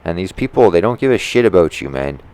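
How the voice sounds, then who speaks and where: Low-voiced, profane ranting man. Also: big pitch swings, quick pace, a little mellow, clear, resonant tone. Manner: profane, exasperated, rambling. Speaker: tree service worker. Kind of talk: ranting storytime vlog.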